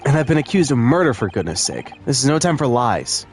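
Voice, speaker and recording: A man's voice: medium pitch, very animated, a little fast, soft background music. A man voicing a nervous young male law student in a courtroom game, stammering and flustered. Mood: earnest.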